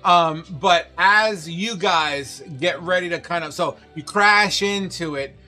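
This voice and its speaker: A man's voice: high voice, slow pace, sharp tone, faint music behind. A man narrating as game master of a tabletop game, loose and laughing between scene descriptions.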